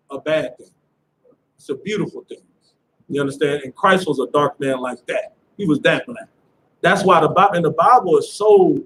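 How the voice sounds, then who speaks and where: A man's voice: sits high, a bit bright, slight background noise, low-quality recording. A man teaching a scripture class in a casual lecturing manner, often checking "you understand?".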